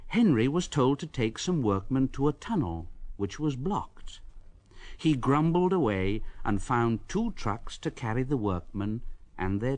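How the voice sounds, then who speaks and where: A man narrating a storybook in a slow, expressive way. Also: medium pitch, no echo.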